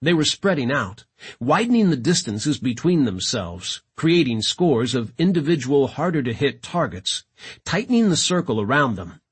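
A man narrating a science fiction audiobook with a strongly husky, raspy voice. His delivery swoops up and down with lively intonation, dramatic and expressive throughout, at a middle pitch. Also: moderate pace. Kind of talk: scripted narration.

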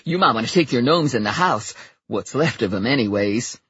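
A woman voicing a brash, sassy woman bounty hunter sidekick who talks loud, blunt and dramatic. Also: extremely low pitch, lively intonation, normal speed, slightly rough, no echo, dull audio, heavily acted.

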